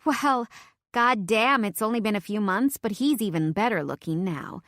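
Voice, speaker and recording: A woman's voice: mid-range voice, expressive, moderate pace, a bit bright, no room sound, lightly acted. A chatty college girl, bubbly and eager, as a woman narrator puts her on. She gushes a little above the reader's own voice. The sound is dry and close. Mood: gushing. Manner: bubbly and gushing.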